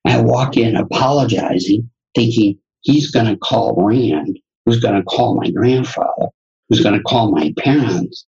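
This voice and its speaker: A man's voice: fairly low pitch, a little slow, vocal fry, slightly rough, highs cut off. A man, a guest educator and entrepreneur, telling a personal story in conversation and acting out the dialogue with animation. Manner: animated storyteller who acts out quoted dialogue.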